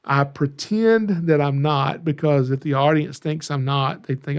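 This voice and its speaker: Gravelly Southern man telling stories. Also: fairly high pitch, a little slow. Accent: Southern US (Georgia). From Georgia, USA. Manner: folksy, self-deprecating, repeats phrases. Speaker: podcast host, snake educator. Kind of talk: casual storytelling monologue.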